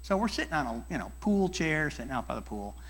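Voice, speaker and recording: A middle-aged man and life coach giving a church talk, animated and acting out people's voices as he tells stories. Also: a little high, fast talker. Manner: animated, acts out voices in dialogues. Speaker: guest speaker and life coach.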